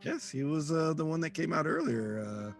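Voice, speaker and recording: A man narrating as game master, halting and full of ums and restarts. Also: a little high, very animated, gravelly, music in the background.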